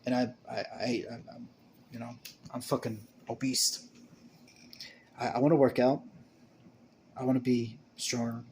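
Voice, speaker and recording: A young man talking to camera in a rambling, emotional monologue. He stammers, restarts and repeats words, swinging between mumbling and loud bursts. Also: medium pitch, flat delivery, measured pace, long pauses, slight background noise.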